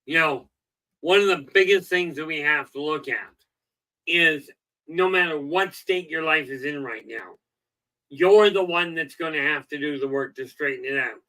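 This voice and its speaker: Middle-aged guy doing a self-help stream, kinda high bright voice, rambly and folksy. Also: normal speed, poor audio. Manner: folksy, rambling, tells jokes, frequent "okay" and "you know". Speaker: self-help livestream host. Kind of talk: casual livestream talk.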